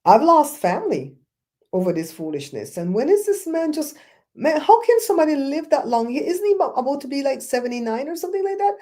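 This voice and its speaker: A woman's voice: high voice, a little fast. Blunt ranting woman host. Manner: blunt, animated storytelling with mocking quoted voices. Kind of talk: casual talk-show rant.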